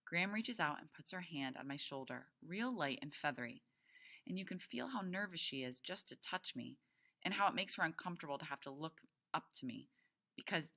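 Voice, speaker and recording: A woman's voice: sits low, sharp tone. A woman teacher reading a novel aloud to her class, stopping to explain words and check that her students follow along. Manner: explains as she reads.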